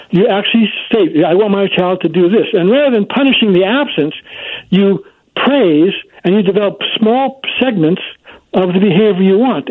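A man's voice: high voice, no room sound. A man speaking as a child psychology expert guest, explaining his points emphatically in an interview. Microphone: phone. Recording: dry tinny phone line.

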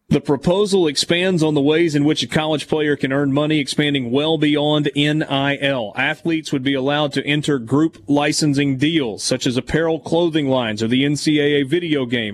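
A man's voice: a little high, slight background noise. A man hosting a sports talk show who reads news passages aloud and then adds casual comments. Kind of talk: reading news and discussing on air.

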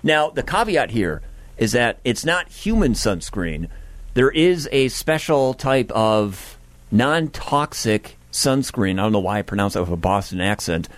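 Lively, animated male radio host. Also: on the low side, moderate pace, no room sound. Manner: playful, animated, musing. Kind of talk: morning radio chat.

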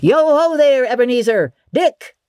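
A reader voicing a jovial, fat old male merchant who calls out in hearty, booming shouts, pitched well above the narration. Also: lively intonation, measured pace, clear, resonant tone, dry recording, studio quality. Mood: jolly.

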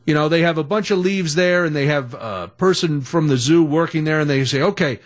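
A middle-aged man hosting a radio talk show, telling a story in a chatty, animated way. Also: fairly high pitch, brisk. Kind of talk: casual storytelling.

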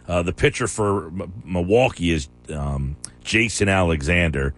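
On his sports radio show, a man with a low-pitched, somewhat bright voice chats casually while challenging his co-host at every turn, arguing readily. Soft music runs in the background.

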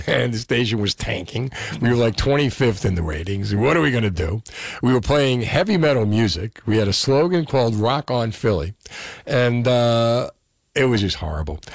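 A man's voice: lowish voice, dry recording, clean studio sound. A middle-aged man with a New Jersey accent, a radio host telling stories in a casual, chatty way with many fillers.

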